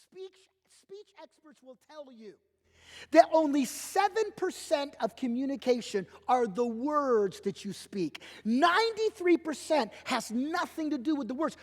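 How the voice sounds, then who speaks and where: Middle-aged male pastor, high pitched and emphatic, sermon in a reverberant hall. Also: unhurried. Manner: animated, emphatic preaching with acted-out quotes. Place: church sanctuary. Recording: long church hall reverb.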